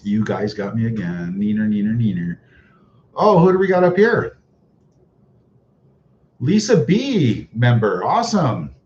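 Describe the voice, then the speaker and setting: This livestream host reads chat in the same sarcastic, casual way, dropping mocking chuckles as he goes. He speaks at a measured pace in a darkish, mid-range voice, swinging hugely in pitch and pausing often. A faint hiss sits behind the dull, lo-fi sound.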